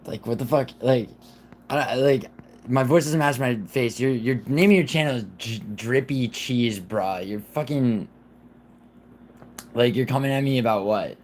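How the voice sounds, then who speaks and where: A man who is sick, with a raspy voice, chatting casually on a livestream in a rambling, profane way. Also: mid-range voice, unhurried, a little mellow, slight background noise, poor audio. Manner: rambling, profane, restarts often. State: sick, rough voice. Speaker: livestream host.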